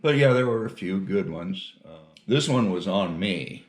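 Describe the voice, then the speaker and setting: An older retired firefighter telling stories in a casual interview, folksy and quick to laugh. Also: male voice, low-pitched, animated, roomy sound.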